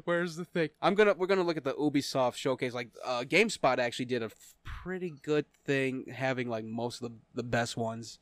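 A man's voice: medium pitch, fairly quick, few pauses, dry recording. A man co-hosting a live podcast, chatting loosely and laughing often. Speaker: podcast co-host. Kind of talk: casual live-stream chat.

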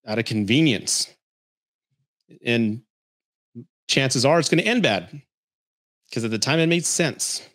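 Guy hosting a podcast, blunt and real, swears a bit, mid pitch, just chatting and reading comments. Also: lively intonation, slow pace, long pauses, a bit bright. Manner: blunt, candid advice with mild swearing. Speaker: podcast host. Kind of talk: casual livestream chat reading comments.

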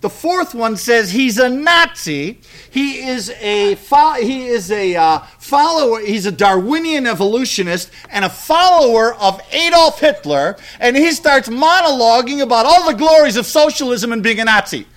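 Give me a middle-aged male preacher with an animated, high voice, telling a story and acting out the dialogue. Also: normal speed, few pauses. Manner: lively storytelling, acts out dialogue. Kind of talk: sermon.

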